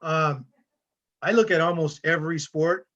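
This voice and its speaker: A male high school wrestling coach, a podcast guest, telling stories in a loose, rambling way full of fillers and restarts. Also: fairly even intonation, unhurried, a bit bright. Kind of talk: casual conversational storytelling. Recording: dull lo-fi sound.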